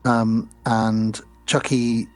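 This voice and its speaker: A man's voice: medium pitch, level tone, extremely slow, faint music behind. A man co-hosting a podcast, retelling movie scenes in casual chat with blunt, crude jokes. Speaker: podcast co-host. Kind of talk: casual film recap chat.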